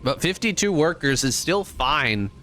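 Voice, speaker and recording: A man giving relaxed, conversational play-by-play commentary on a strategy game match, with casual asides. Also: on the high side, measured pace, faint music behind. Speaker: esports caster.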